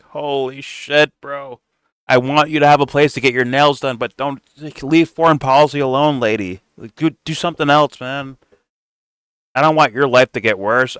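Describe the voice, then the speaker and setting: A man's voice: medium pitch, a bit bright, smooth, no room sound, clean studio sound. A young man hosting a reaction commentary, cursing and mocking in a blunt, sarcastic way. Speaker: commentary host reacting to clips.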